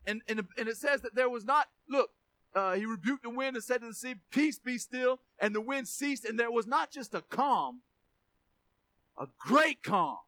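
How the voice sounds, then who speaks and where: High-voiced preacher, bright and dry. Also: male voice, a little fast, no echo. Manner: emphatic, repeats words, asks congregation for amens. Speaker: pastor. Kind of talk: sermon.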